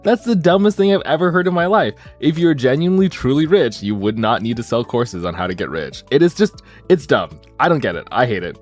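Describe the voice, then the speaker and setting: Jokey streamer guy, voice jumps all over, lowish tone, bit of music in the back. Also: a little fast, few pauses. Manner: animated, jokey, swings between mumbling and high excited bursts. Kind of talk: casual stream chat.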